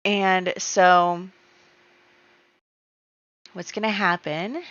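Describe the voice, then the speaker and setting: A woman's voice: on the low side, steady tone, extremely slow, fairly bright tone. A woman casually commenting on her life-sim game, chatty and storytelling, with many fillers. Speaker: gameplay YouTuber. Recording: dull lo-fi dry sound.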